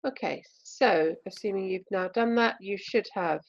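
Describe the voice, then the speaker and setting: English woman, language teacher, mid pitch, slight fry, patient and clear with ums. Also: normal speed, few pauses, dull audio. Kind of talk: recorded remote lesson.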